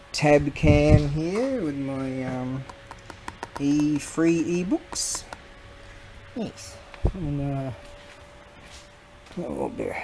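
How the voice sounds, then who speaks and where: Brief: man, middle-aged, rambling chatty vlog talk, faint background hiss. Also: medium pitch. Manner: rambling, chatty, laughs often, talks to himself. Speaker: vlogger.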